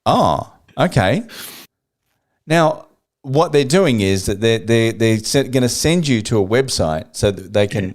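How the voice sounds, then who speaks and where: A man's voice: medium pitch, expressive, normal speed, a little mellow. Man, podcast co-host, chatty and jokey, acts out phone calls. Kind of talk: casual chat.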